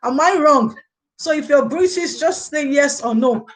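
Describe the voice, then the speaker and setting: Speaking in a high voice at a measured pace, a woman hosts a casual live stream as an early childhood lecturer. She rambles while answering comments, often dropping in "okay" and "you know."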